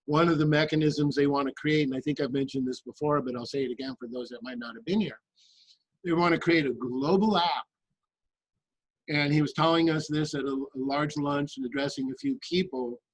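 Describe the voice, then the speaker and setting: A man talking earnestly and with passion in a group discussion, with halting restarts. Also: on the high side, no echo, poor audio. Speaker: guest in a remote viewing discussion.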